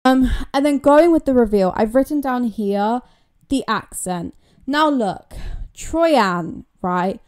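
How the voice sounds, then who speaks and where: Speaking slowly in a fairly high, expressive, slightly mellow voice, this young British woman gives casual vlog commentary to her viewers. As a YouTuber, she's chatty and emphatic, repeating words to stress them.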